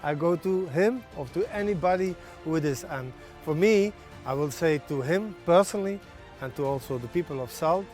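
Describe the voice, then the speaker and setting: A man, a national team's head coach, answering in halting non-native English with many pauses and fillers in a TV sports interview. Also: on the high side, expressive, a little mellow, faint music behind. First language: not English.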